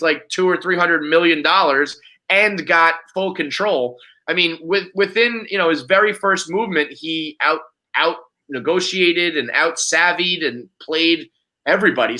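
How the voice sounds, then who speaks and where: A man, co-hosting a casual podcast chat in a brash, profane, animated way. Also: fairly high pitch, rough recording. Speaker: podcast co-host.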